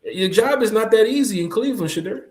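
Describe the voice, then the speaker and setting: A man co-hosting a casual sports podcast, laid-back, giving shout-outs to viewers. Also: sits high, expressive, quick pace, roomy sound. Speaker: podcast co-host.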